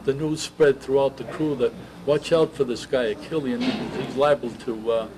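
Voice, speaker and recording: A man's voice: medium pitch, fairly even intonation. Elderly man reminiscing over a hiss. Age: 80s. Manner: reminiscing, halting storytelling. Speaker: veteran interviewee. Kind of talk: oral history interview.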